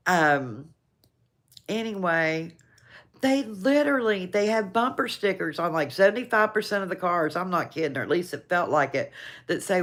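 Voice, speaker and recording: A woman's voice: on the low side, lively intonation, normal speed, a bit bright. An older woman with a Southern American accent, hosting a casual live chat and reading viewer comments, rambling and laughing often. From Southern United States. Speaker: livestream host.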